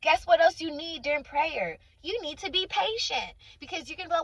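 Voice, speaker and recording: A woman with a high voice preaches informally and emphatically, driving points home by repeating lines and calling her listener honey and sweetheart. The sound is dry, with no room echo. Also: animated, moderate pace, a bit bright. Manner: emphatic, repeats phrases for stress. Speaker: Christian faith speaker.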